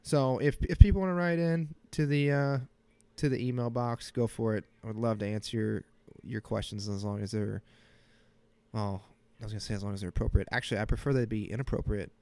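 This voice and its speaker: A man's voice: fairly low pitch, steady tone, a little fast, mellow, clean tone, dry recording. Joking, rambling man podcaster, dry sound. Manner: joking, self-deprecating, rambling with crude humor. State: sniffling from a cold room. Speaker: podcast host. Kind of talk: casual solo podcast rant. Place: small cold home office.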